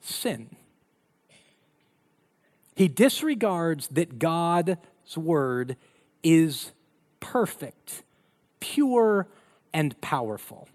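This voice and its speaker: Speaking very slowly with frequent pauses, the pastor's voice sits fairly high. He's a middle-aged man who grew up in Colorado, preaching and telling family stories in an animated way with acted-out voices.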